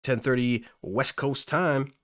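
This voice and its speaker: A man's voice: medium pitch, fairly even intonation, slow, fairly bright tone, no room sound, studio quality. A man hosting a casual livestream, talking enthusiastically and gushing about music apps. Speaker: livestream host.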